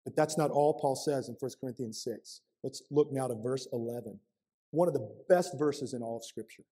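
A man's voice: mid-range voice, normal speed, warm tone, slightly rough. A male pastor preaching a sermon in a church, emphatic and driving points home with repeated rhetorical questions.

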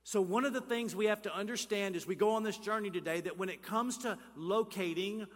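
A male pastor preaching a sermon, rising to emphatic calls, dropping to hushed near-whispers, and asking the congregation questions. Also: high-pitched, a little fast. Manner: asks the congregation questions and leads call-and-response. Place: church sanctuary. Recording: church hall reverb.

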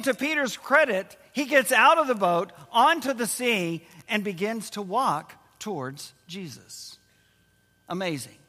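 A male pastor preaches with a fairly high, bright voice, earnest and given to repeating his key phrases. The sound is that of a church sanctuary, with a long reverb hanging after his words. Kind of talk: sermon.

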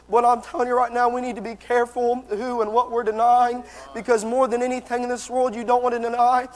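A male preacher delivers a fervent, impassioned sermon to his congregation in a strikingly high, strained voice confined to a narrow band of notes. His delivery is flat and quick, and a long reverb from a large church hall surrounds it.

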